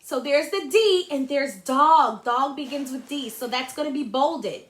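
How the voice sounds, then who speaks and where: A woman's voice: high voice, expressive, unhurried, hardly any pauses, fairly bright tone. A woman teacher reading a picture book to young children in a sing-song, encouraging way. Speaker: kindergarten teacher.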